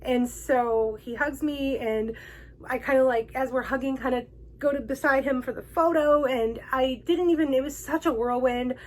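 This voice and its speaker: A woman's voice: high-pitched, moderate pace, a little mellow, rough recording. A woman hosting her own vlog, telling a personal story in a gushing, emotional way and laughing often between words. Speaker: vlog host.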